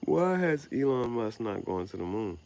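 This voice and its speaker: A man's voice: medium pitch, very animated, moderate pace, creaky, darkish tone, a little hiss or hum. A young man rambling casually outdoors at night, slangy and meandering, laughing at his own words. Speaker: vlogger. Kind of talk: rambling late-night monologue.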